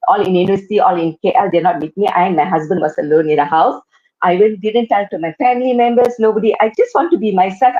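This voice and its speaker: A woman's voice: mid-range voice, mellow, dull audio. A woman in her fifties with a Malaysian English accent, a guest telling her personal story earnestly, often repeating phrases for emphasis. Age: 50s. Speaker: guest, cancer survivor and occupational therapist. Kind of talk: personal storytelling on a live web show.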